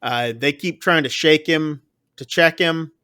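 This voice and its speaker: A man's voice: a little high, unhurried, sharp tone, clear, resonant tone, no room sound, clean studio sound. A man co-hosting a casual film review podcast, retelling the plot scene by scene and briefly acting out the characters' lines. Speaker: podcast co-host.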